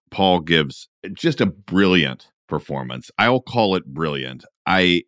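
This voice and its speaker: A man's voice: sits low, very animated, slow pace, a bit bright, no room sound, clean studio sound. A man hosting an interview podcast, mostly giving short affirmations and asking brief questions. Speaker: podcast host. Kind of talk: casual interview talk.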